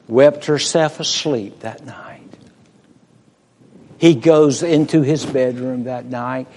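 A preacher delivering a sermon slowly and deliberately, swelling to loud emphasis and dropping to a hush. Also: male voice, medium pitch. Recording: long reverb of a large hall.

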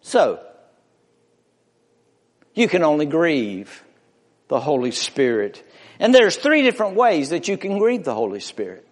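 Male preacher, slightly high voice, unhurried emphatic sermon delivery, reverberant church sound. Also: very animated. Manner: slow, emphatic preaching with rising and falling delivery.

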